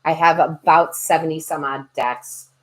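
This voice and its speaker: A woman's voice: low-pitched, fairly even intonation, a little slow. A woman tarot reader and medium chatting on a livestream, joking and reading viewer comments aloud. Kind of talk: casual livestream chat.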